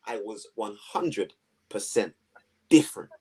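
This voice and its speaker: A man, telling his story to two hosts in a lively, slangy way, acting out the voices of people around him. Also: lowish voice, a little slow, breathy edge. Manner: animated, slangy storytelling with acted-out quotes. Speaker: guest. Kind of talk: storytelling in a conversation.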